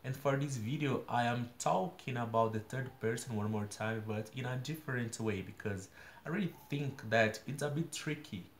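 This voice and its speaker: A man from São Paulo with a Brazilian Portuguese accent, a native Portuguese speaker, earnestly practising English in a daily video and explaining grammar slowly with examples. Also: mid-range voice, reverberant, a little hiss or hum. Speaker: English learner vlogger.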